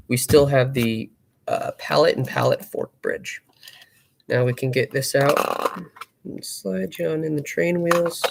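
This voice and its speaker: Profane joking man with gravelly voice. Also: on the high side, slight background noise. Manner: profane, joking, talks to himself. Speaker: hobby watchmaker streaming. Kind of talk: casual live-stream commentary while working.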